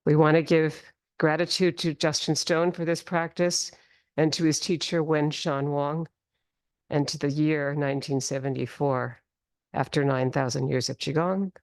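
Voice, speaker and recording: A woman teaching a qigong and tai chi class, giving calm, slow instructions and drawing out the healing sounds. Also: low-pitched, dry recording, clean studio sound. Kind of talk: guided movement class. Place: studio class in the city.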